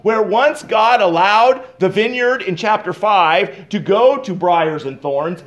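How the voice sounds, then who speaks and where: A man preaching an expository sermon as pastor, reading scripture slowly and swinging between loud and soft. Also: high voice.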